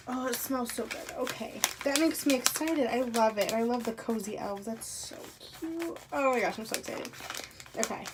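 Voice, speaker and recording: A fairly high-pitched woman chatting casually as she unboxes items at home. She gushes with excitement and keeps slipping into soft, breathy whispers. A faint hiss sits under the recording. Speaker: unboxing vlogger. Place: carpeted room at home.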